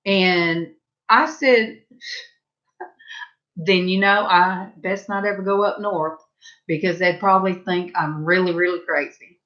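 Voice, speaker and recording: A middle-aged woman with a Southern drawl tells rambling stories at an easy, unhurried pace, chatting casually to her viewers. Her voice sits at an ordinary pitch and brightens when she quotes herself. The recording is muffled and lo-fi. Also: fairly even intonation. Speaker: vlogger. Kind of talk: casual storytelling.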